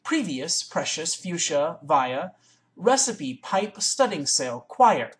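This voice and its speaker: A woman reading a poem aloud in one take into a webcam, with careful, deliberate, word-by-word recitation. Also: deep voice, very animated. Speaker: reader.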